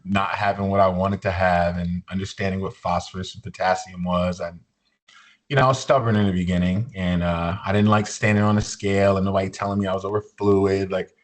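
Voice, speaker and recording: A man in his forties, a podcast guest, telling his story in a relaxed, joking way, full of "you know" and easy fillers. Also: low-pitched, brisk. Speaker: podcast guest, musician and motivational speaker. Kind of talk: casual storytelling interview.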